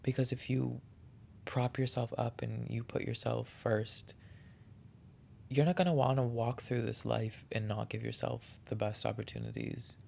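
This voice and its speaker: A man talks through a solo podcast in a heartfelt, encouraging way, restarting sentences as he goes. His voice is strongly gravelly with lots of vocal fry, sitting at an ordinary middle pitch. A faint noise and low rumble run underneath the recording. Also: steady tone, unhurried, a little mellow. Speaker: podcast host. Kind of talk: reflective solo podcast monologue.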